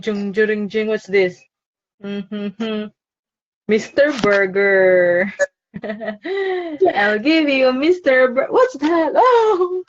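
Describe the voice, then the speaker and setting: High-pitched lady teacher on a video call, real slow, keeps laughing and praising, kinda muffled audio. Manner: cheerful, laughs often, slow and encouraging. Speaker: online English teacher. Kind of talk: online phonics lesson for a child.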